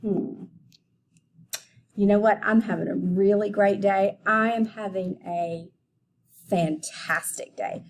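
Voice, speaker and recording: A woman teaching a phonics lesson to young children, deliberately sounding out letters and syllables. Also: mid-range voice, steady tone, a little hiss or hum. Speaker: elementary school teacher.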